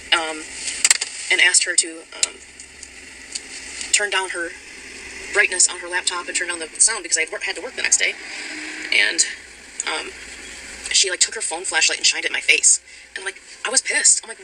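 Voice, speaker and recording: Woman rambling fast on a voice note, lots of ums, noisy traffic behind. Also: fairly low pitch, fairly even intonation. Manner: hesitant, many ums and restarts. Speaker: person recounting events in a voice note. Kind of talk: unscripted personal account. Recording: voice note with loud background noise.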